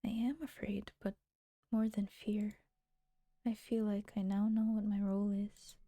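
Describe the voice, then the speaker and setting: A woman voicing a calm, gentle young woman in a visual novel, speaking softly and earnestly in a whispered role-play. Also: medium pitch, measured pace, dry recording, lightly acted. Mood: resolved. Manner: soft, earnest, often whispered.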